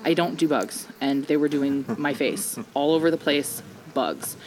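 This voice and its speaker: A woman tells a comic story in an animated, self-mocking way, breaking into laughs between lines. Her voice sits on the low side for a woman. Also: normal speed, a little hiss or hum.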